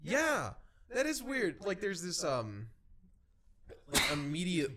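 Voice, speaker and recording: A man in his twenties co-hosting a casual podcast chat, telling profane stories, laughing often and acting out shouting voices. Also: high-pitched, slow, heavy background noise. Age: 20s. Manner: animated storytelling, acts out loud shouting voices. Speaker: podcast co-host.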